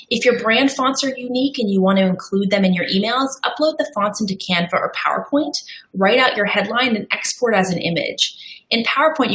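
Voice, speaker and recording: A woman's voice: mid-range voice, a bit bright, reverberant, low-quality recording. A woman on a live marketing webinar, walking through slide examples in an upbeat way with a few fillers. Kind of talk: presenting tips on a live webinar.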